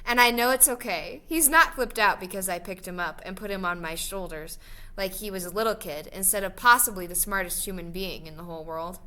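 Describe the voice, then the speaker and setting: A woman reading a novel aloud in an expressive, lively storytelling manner. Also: medium pitch, fairly quick. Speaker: reader.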